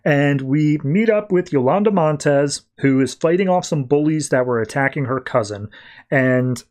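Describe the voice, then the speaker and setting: A man's voice: on the high side, animated, normal speed, a little mellow. A man hosting a podcast, recapping a comic book issue in a loose, conversational way full of "like" and "uh". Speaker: podcast host.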